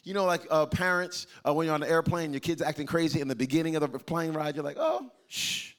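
A man preaching with a slightly high, bright-edged voice, swinging from playful asides to earnest calls. He works the room like a pastor in conversation with his congregation, teasing and joking between points. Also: quick pace, clear, resonant tone. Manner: animated, conversational preaching with jokes and crowd interaction. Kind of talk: sermon to a live and online congregation.

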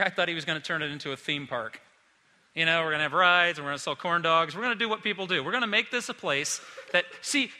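A middle-aged male pastor giving an animated sermon, acting out the disciples in quick asides. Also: sits high, in a large hall.

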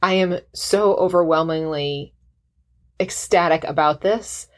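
Impassioned woman podcaster, low voice. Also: a little slow. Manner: earnest, impassioned, emotional. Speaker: podcast host, physician assistant. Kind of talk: motivational podcast monologue.

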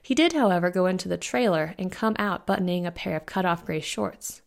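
Lady author reading her own book, kinda low gravelly voice, calm steady storytelling. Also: a little fast. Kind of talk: audiobook-style fiction narration.

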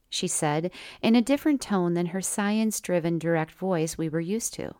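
A woman's voice: fairly low pitch, moderate pace, hardly any pauses, a little mellow, no echo, studio quality. A woman narrating a first-person memoir to her listeners, with wry, conversational asides. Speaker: storyteller.

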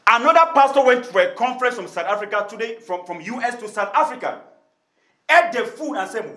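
A man preaches in a high, light voice, telling his congregation a story and slipping into the voices of its characters. His words ring out with a noticeable echo from the room around him. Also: lively intonation, a little fast, bright, forceful tone. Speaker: pastor. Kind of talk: sermon.

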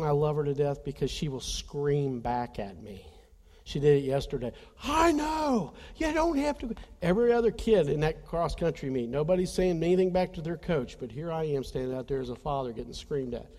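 A man's voice: on the high side, mellow, in a large hall. A man preaching a conversational sermon, telling a personal story earnestly and speaking straight to his congregation. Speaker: pastor.

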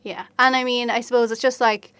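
A teasing Irish woman co-hosting a relaxed podcast chat. Her voice sits very high, and she giggles often. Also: a little fast, clear, resonant tone, dry recording. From Ireland. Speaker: podcast co-host. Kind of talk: casual chat.

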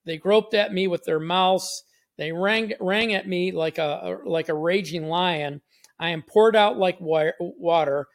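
High-voiced man giving a devotional. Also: unhurried, vocal fry. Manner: earnest, conversational preaching with frequent restarts. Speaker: podcast host and Bible teacher. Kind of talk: short devotional teaching with scripture reading.

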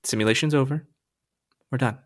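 A game master voicing a calm, kind woman instructor who comforts a panicking trainee. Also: mid-range voice, a little fast, lightly acted. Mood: gentle, reassuring. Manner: soft, gentle and reassuring.

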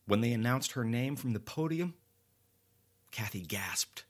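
A man narrating a scripted horror story, dramatic and deliberate, dropping to a hush at tense moments. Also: mid-range voice.

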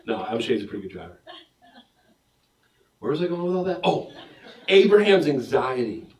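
A pastor preaches a sermon as an animated, joking storyteller, acting out the voices of the people in the story. His medium-pitched voice moves a little fast, and the distant mic captures a roomy echo.

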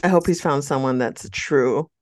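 A woman's voice: rumbling low, normal speed, no echo. A woman from California co-hosting a casual podcast chat, candid and dramatic in her stories, laughing often. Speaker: podcast co-host.

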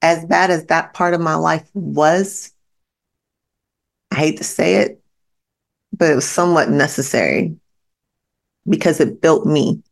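A podcast host with a low, gravelly voice speaks unhurriedly and pauses often. She delivers a blunt, profane pep talk, hammering her points home by repeating them straight to the listener.

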